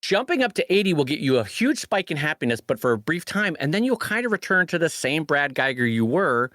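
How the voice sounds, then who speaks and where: A man co-hosting a casual podcast, joking and animated as he reads out listener questions. His voice sits high and swings widely in pitch. The sound is dry and close, with no room echo. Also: a little fast. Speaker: podcast co-host.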